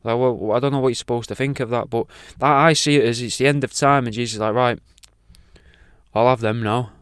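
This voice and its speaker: A man's voice: mid-range voice, fairly even intonation, fast, a bit bright, clean tone, dry recording, studio quality. A man hosting a radio talk show, rambling off on tangents and swearing freely. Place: radio studio.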